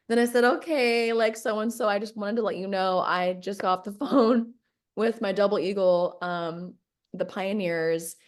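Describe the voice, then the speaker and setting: A woman's voice: mid-range voice, level tone, normal speed. A woman telling a personal story in a casual podcast chat, reenacting conversations and laughing often.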